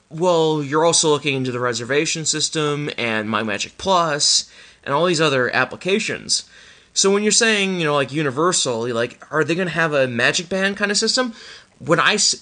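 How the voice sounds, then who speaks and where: Man, host, midwestern american accent, bright forceful voice, slightly high, animated, casual chat. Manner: animated, quick restarts, laughs often. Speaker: podcast host. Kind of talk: casual live-stream chat.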